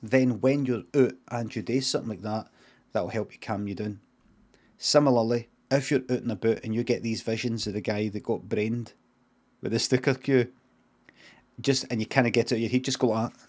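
Speaking at normal speed in a lowish voice, a middle-aged Scottish man who streams spins a comic story on the fly. He wanders off on tangents, swears freely, and keeps it deadpan and rambling.

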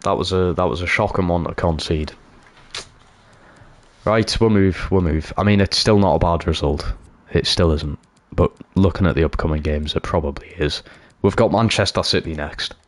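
Brief: deep-voiced man, excitable gameplay commentary. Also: normal speed. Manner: excitable, swings from cheering to groaning. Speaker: gaming YouTuber.

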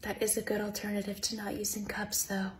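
Woman as a monotone, dreamy hippie barista, slow and serene, echoey room. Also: medium pitch, pitched below the performer's own voice, natural voice.

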